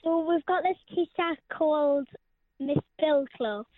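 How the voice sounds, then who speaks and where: A woman's voice: high-pitched, unhurried, dry recording. Shy teenage girl on a phone line. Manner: shy, hesitant, giggly. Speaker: caller. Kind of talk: phone-in chat.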